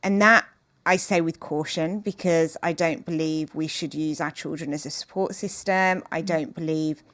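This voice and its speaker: A woman guest in an interview, speaking in an earnest, measured and openhearted way. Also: low voice, steady tone, fairly bright tone, no echo. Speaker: podcast guest, author. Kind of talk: reflective interview conversation.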